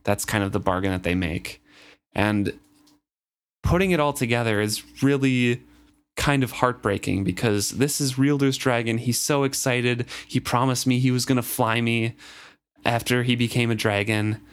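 A man's voice: medium pitch, normal speed, smooth. Man musing about a novel. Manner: thoughtful, explaining plot. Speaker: book discussion co-host. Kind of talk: casual book discussion and read-aloud.

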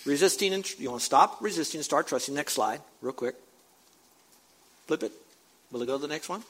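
A man preaching a sermon as pastor, emphatic, repeating phrases for stress and dropping into quiet asides. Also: on the high side, lively intonation, a little fast.

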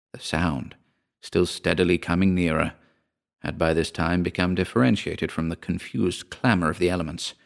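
A man with a low, deep voice narrates an old ghost story. His reading is measured and expressive, with scripted storytelling delivery. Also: vocal fry.

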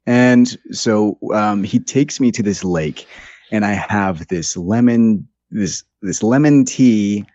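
Low-voiced man telling a story. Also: slow, no echo, dull audio. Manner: animated retelling with quoted asides and laughter. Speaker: podcast guest. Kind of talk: casual storytelling.

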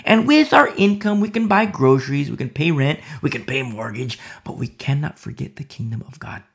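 A man's voice: mid-range voice, animated, normal speed, vocal fry. A man preaching a sermon in an emphatic, storytelling way, often repeating himself for emphasis.

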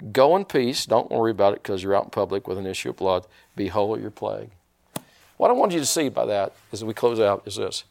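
A male pastor preaching a sermon, asking the congregation questions and drawing responses. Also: mid-range voice. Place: church sanctuary.

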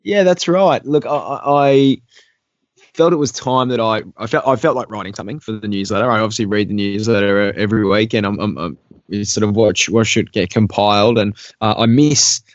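A man's voice: on the low side, fairly quick, no echo, muffled recording. A man chatting as a podcast guest, talking in a friendly way with stumbling restarts. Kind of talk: remote podcast interview.

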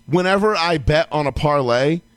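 A man with a somewhat high voice, recorded dry and close on a studio mic. He tells stories in a casual, animated, profane way, jumping up in pitch as he acts out his own yelling. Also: moderate pace, no echo. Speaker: podcast co-host. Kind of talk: casual sports talk storytelling.

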